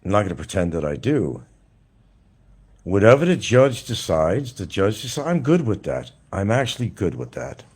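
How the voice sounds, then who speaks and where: Deep-voiced man hosting a mocking livestream. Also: moderate pace, slightly rough. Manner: blunt, mocking, animated. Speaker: live stream host. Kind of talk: casual livestream monologue.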